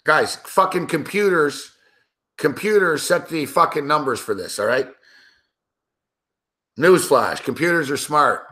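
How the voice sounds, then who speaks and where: A male sports betting host swearing and yelling at players during a game, then ranting at his viewers. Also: a little high, lively intonation, unhurried, long pauses. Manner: angry, profane outbursts and shouting at the players; sarcastic, lecturing rant at viewers. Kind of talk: live reaction rant while watching a game.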